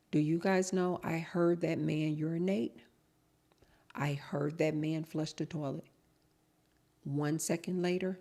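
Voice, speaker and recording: A woman's voice: sits low, gravelly, a little mellow. A woman vlogger chatting casually to her viewers, telling a story and acting out both sides of the dialogue. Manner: chatty, storytelling, addresses viewers as you guys; acts out both sides of quoted exchanges.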